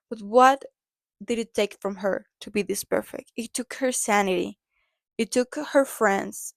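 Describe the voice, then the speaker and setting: A woman in the middle of her range talks her viewers through a movie in a casual, excited way. She leans on "like" and "literally" and speaks as a dancer. The sound is dry and close, with no room echo. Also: mid-range voice, unhurried, vocal fry. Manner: chatty and gushing, with lots of "like" and "literally"; dancer talking from personal experience. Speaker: movie review vlogger.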